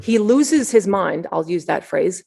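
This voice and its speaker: A woman preacher giving a storytelling sermon at an online service, building to excited, near-shouted peaks. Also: fairly low pitch, a little slow, creaky, breathy edge. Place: online service, shared screen.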